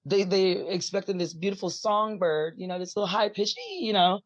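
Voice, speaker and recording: Guest voice: husky, deep-voiced woman, rambly and filler-heavy, dull dry lo-fi audio. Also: fairly even intonation, a little fast, dry recording. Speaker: musician guest. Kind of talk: casual interview talk.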